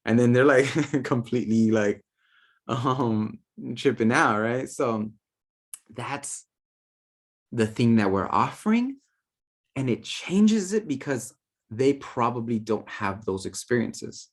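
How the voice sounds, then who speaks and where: A man's voice: mid-range voice, animated, takes it slowly. A man teaching about spirit guides in a loose, conversational way. He is playful and slangy and keeps slipping into quoted asides. His talk is full of fillers.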